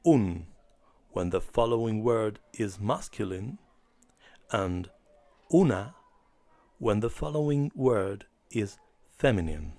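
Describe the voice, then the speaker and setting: A man teaching a beginner language lesson in a deliberate, clearly enunciated scripted style. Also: on the low side, lively intonation, a little mellow.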